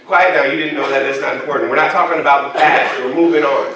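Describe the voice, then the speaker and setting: A man's voice: a little high, very fast, hardly any pauses, crowd noise. A man preaching a sermon as pastor, telling funny stories about himself and bantering with the congregation. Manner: animated, humorous storytelling with congregation banter. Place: church sanctuary. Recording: echoey church hall from a distant mic.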